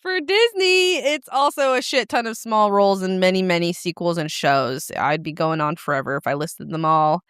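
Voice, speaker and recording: A woman's voice: lowish voice, animated, normal speed, hardly any pauses, fairly bright tone, smooth, no echo, clean studio sound. A young woman co-hosting a casual podcast, reading out notes with laughs and swearing. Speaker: podcast co-host. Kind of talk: casual chat.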